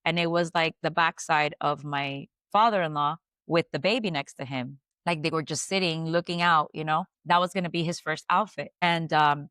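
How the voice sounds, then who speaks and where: A woman in her thirties, a podcast guest, recounting a personal loss in a halting way, restarts and soft fillers. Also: fairly low pitch, dry recording. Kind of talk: emotional personal storytelling.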